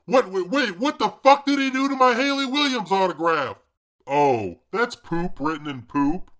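A man's voice: high voice, animated, normal speed, fairly bright tone. A man voicing a grumpy, foul-mouthed fish father in an adult cartoon, ranting and cursing in exasperation. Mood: furious.

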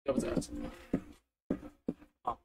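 A young man streaming live, chatting casually and freestyle rapping in a loose, profane, animated way. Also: slow pace, heavy background noise. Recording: loud music behind the voice.

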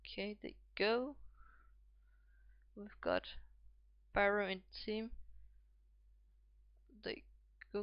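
A woman's voice: medium pitch, smooth, no room sound, highs cut off. A woman casually commenting on a football management game as she plays, thinking aloud and calling out player names. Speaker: gaming video host.

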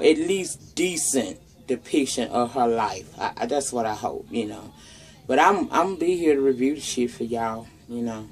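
A woman's voice: sits low, darkish tone. A woman with a Southern US accent giving casual, profane commentary on celebrity news as a vlogger, talking straight to her viewers. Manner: chatty, profane, talks straight to viewers as "y'all".

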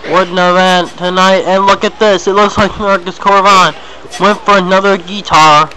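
A young man calling a wrestling match play-by-play, excitable and repetitive, with sudden yelps at big hits. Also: sits high, moderate pace, some chatter behind, slight background noise, low-quality recording. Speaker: play-by-play announcer.

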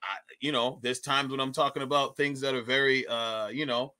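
With medium pitch and a moderate pace, a young comedian chats freely as an interview guest. He is animated and relaxed, often restarting sentences with repeated words.

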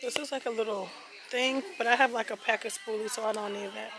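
A woman's voice: fairly high pitch, fairly even intonation, fast talker, music in the background, rough recording. A young woman in her twenties chatting bubbly and casually to the camera as a vlogger, in her car and then a store. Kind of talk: casual vlog chat.

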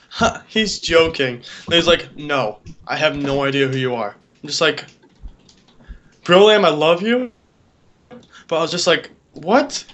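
Through a dull lo-fi mic with audible background hiss, a gameplay co-host speaks in a fairly high, fairly bright voice. The teenage boy rambles while gaming, spinning a long tale with quoted voices before trailing off with "I don't know."

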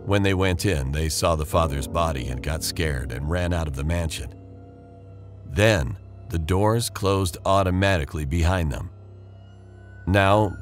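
Deep-voiced man narrating a scary story. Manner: steady, measured storytelling. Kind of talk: scripted first-person story narration. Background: faint background music.

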